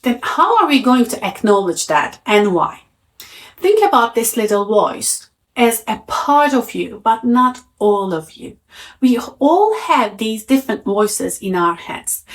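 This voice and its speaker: A woman in her thirties giving a calm, encouraging talk on coaching to camera. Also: on the high side. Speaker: coaching trainer.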